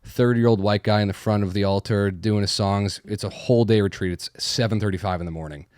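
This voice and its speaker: Young guy, low voice, dry close mic, crude self-mocking storyteller in a casual podcast chat. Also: fairly even intonation, fairly quick, darkish tone, smooth, no echo. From Massachusetts. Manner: profane, self-deprecating storytelling.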